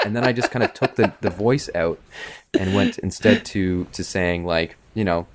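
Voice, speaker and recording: A man's voice: low voice, normal speed. A man co-hosting a film podcast, telling reflective stories in casual chat. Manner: reflective storytelling, laughs often. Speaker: podcast co-host, filmmaker.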